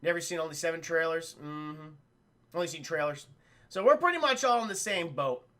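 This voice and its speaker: A man streaming a casual spoiler-filled film review to live chat, animated and swearing freely as he acts out scenes. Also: on the high side, brisk.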